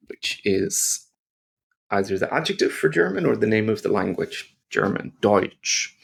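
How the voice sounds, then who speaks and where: A man's voice: lowish voice, slow pace, creaky, slightly rough. A man teaching pronunciation to learners, patiently explaining and modelling each sound. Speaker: language teacher.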